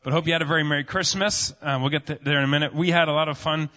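A man's voice: on the high side, steady tone, racing, pushed and bright. A pastor in his thirties giving a sermon in a church sanctuary, telling family stories in a casual, rambling way full of fillers. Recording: muffled sound with long hall reverb.

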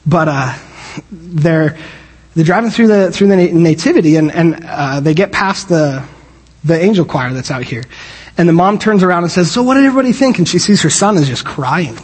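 A man preaching a sermon from a church stage, animated and joking, often restarting his sentences. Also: on the high side, moderate pace, slightly rough, in a large hall. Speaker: pastor. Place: church sanctuary.

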